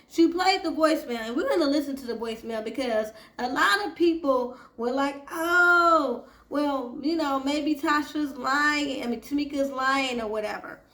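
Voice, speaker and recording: A high-pitched woman hosts a casual recap of a reality TV episode and talks to her viewers as "y'all". Her voice rings out in an echoey room. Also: fairly bright tone. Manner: chatty, addresses viewers as y'all. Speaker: TV recap host.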